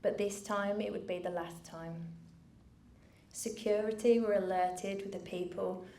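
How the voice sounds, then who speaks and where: A middle-aged woman giving a personal speech from a stage, earnest and measured with dry asides. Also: medium pitch, steady tone, mellow. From United Kingdom. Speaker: founder giving a keynote speech. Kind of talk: personal story told from a stage. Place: event venue with a live audience. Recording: roomy venue, faint background noise.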